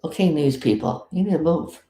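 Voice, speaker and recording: A woman's voice: deep voice, moderate pace, mellow, echoey room, faint music behind. A woman from South Florida giving blunt, indignant live commentary as a vlogger, swearing freely.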